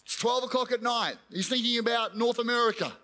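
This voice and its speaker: A man preaching an animated sermon in a church, acting out voices and chanting repeated prayers. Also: very high-pitched, a little fast. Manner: animated, acts out God and angels, chanting repetitions. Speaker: pastor. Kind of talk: energetic sermon with acted-out voices. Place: church hall. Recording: long hall reverb.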